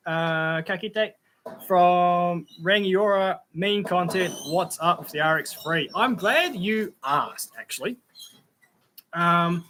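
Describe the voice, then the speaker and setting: A man's voice: high-pitched, bright, forceful tone, slight background noise. A young man hosting a casual livestream, reading out viewer comments in a chatty, laid-back way with frequent ums and laughs.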